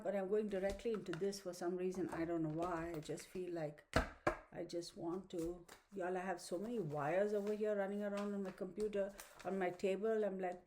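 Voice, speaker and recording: A woman's voice: mid-range voice, background noise. A woman tarot reader, talking casually and rambling to her viewers. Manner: rambling, chatty, addresses viewers as y'all. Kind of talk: casual talk to camera.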